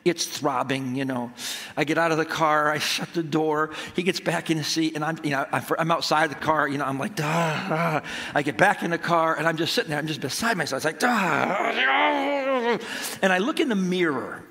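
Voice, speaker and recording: A man preaching a sermon, telling a family story in an animated way before turning to scripture. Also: fairly high pitch, fast. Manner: animated storytelling, acts out his own shouts. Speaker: pastor. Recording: long hall reverb.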